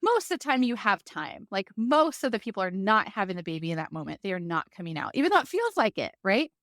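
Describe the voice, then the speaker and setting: Animated woman telling a story, dry sound. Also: mid-range voice, fast talker, dry recording. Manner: lively, vivid retelling with many fillers like "like". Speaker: podcast guest. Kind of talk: personal storytelling.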